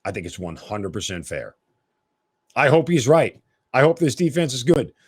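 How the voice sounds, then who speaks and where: Male solo sports podcaster, opinionated and lively, dry booth sound. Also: medium pitch, normal speed, breathy edge, no room sound. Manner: animated, opinionated, blunt. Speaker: podcast host.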